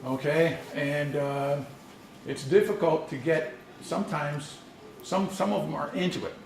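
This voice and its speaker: A man's voice: on the high side, fairly even intonation, unhurried, gravelly. A man presenting a language workshop, explaining in a conversational storytelling way with frequent restarts. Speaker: language instructor. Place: conference session room. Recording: echoey room, distant mic, faint noise.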